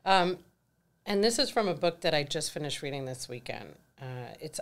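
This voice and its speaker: A woman's voice: sits low, animated, normal speed. A middle-aged woman co-hosting a podcast, talking candidly and reflectively in casual chat. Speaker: podcast co-host.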